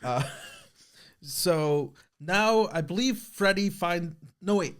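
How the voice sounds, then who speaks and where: Higher-voiced man recapping a movie. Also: slow pace, fairly bright tone, clear, resonant tone. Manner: jokey, acts out quoted lines. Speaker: podcast co-host. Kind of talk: casual movie discussion.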